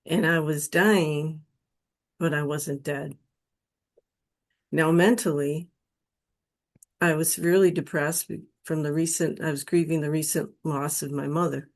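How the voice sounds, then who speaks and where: A middle-aged woman from Western New York slowly telling a personal spiritual testimony, emotional and earnest. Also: low-pitched, a little mellow. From Western New York State. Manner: slow, emotional, pleading when quoting her prayers. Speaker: guest telling her near-death experience story.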